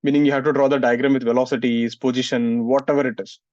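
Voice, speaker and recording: A man's voice: mid-range voice, level tone, fast talker, darkish tone, dry recording. A male physics teacher, lecturing a class and scolding students who don't listen. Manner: scolds students, asks "getting it?" often. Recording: muffled, dry sound.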